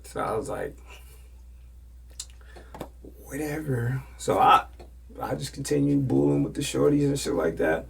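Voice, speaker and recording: A man hosting a podcast, telling stories casually in loose slang and often dropping to a hushed whisper. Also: low-pitched, big pitch swings, a little fast, creaky, a little hiss or hum. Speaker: podcast host. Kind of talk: casual storytelling.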